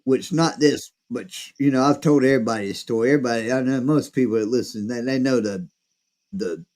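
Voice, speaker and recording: A man, hosting a casual chat and telling a rambling, profane story, acting out quotes loudly. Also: medium pitch, brisk, rough recording. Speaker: podcast host.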